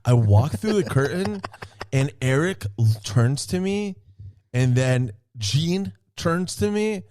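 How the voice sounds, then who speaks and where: Excitable swearing man telling a story. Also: fairly high pitch, takes it slowly, dry recording, clean studio sound. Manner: excitable, swears a lot, laughs through his story. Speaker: podcast co-host. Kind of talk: casual storytelling chat.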